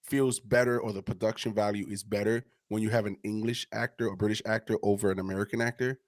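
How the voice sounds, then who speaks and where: A man's voice: on the low side, steady tone, fast talker, dry recording, clean studio sound. A man co-hosting a podcast in casual chat, searching for words with frequent restarts as he poses questions. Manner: searching, hesitant, full of restarts. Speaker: podcast co-host.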